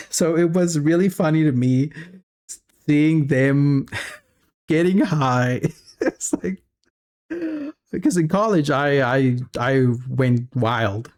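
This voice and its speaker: A man's voice: on the high side, slow, pauses often, darkish tone. A man chatting casually on a live stream while working, rambling through stories and laughing often. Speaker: streamer and 3D artist.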